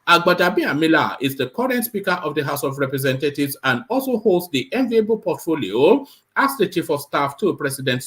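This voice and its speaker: A man hosting a live show, reading a news report aloud and breaking off with halting, sarcastic comments full of fillers. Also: fairly high pitch, fairly bright tone. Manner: halting, many fillers and repeated words; sarcastic asides.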